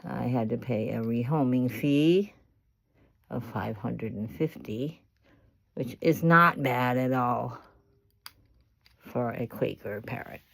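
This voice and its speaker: An older woman talking casually about her parrot in her workshop, coaxing it in a high sing-song voice. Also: takes it slowly, gravelly, pauses often. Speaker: pet owner. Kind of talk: casual pet vlog.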